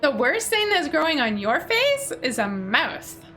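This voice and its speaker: A woman's voice: high voice, very animated, measured pace, fairly bright tone, soft background music, pitched above the performer's own voice, heavily acted. A woman voicing a snobby, haughty young female elf from a video game, speaking disdainfully. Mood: scornful.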